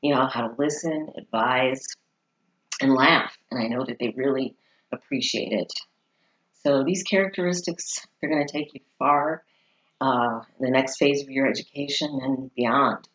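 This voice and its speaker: A parent reading a prepared congratulation letter aloud in a heartfelt, measured way. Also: mid-range voice, fairly bright tone, muffled recording. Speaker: parent sending a congratulation message.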